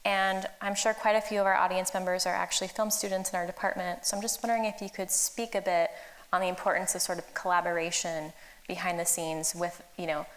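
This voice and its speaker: A woman moderating an onstage conversation, asking polite, measured questions. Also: on the low side, flat delivery, a bit bright. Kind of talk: interview questions at a public event.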